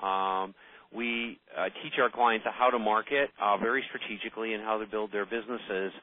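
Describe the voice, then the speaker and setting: A man hosting a mentoring call, pitching his program in a salesy, rambling way with many fillers. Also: steady tone, normal speed. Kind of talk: webinar hosting on a conference call. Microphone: phone call. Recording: tinny phone line.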